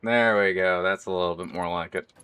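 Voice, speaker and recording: A hoarse man streaming and chatting casually, rambling and laughing often. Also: deep voice, fairly even intonation, brisk, pushed and bright. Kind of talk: casual live-stream chat.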